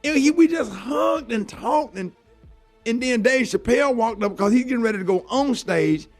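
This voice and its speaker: With soft music playing behind him, this middle-aged morning radio host speaks in a very high, animated voice at a moderate pace. His story is earnest and heartfelt, and he keeps dropping in "man" and "you know."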